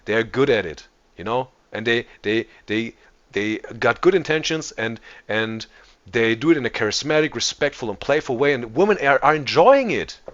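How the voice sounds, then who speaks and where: A man's voice: medium pitch, a bit bright. Male host, casual reaction commentary, stammers and restarts a lot, dull lo-fi recording. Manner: repeats and restarts words often.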